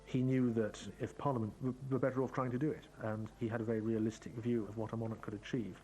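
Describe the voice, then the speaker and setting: A man giving brisk, analytical commentary in a documentary interview. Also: mid-range voice, level tone, warm tone, faint music behind, rough recording. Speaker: interviewed historian.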